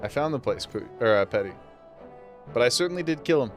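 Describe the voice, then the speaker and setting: A male streamer chats casually while he plays, joking and rambling with many restarts, and now and then he reads the game's lines aloud. His voice sits at a middle pitch. Faint game music plays behind him. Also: lively intonation, brisk. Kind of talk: casual gameplay commentary.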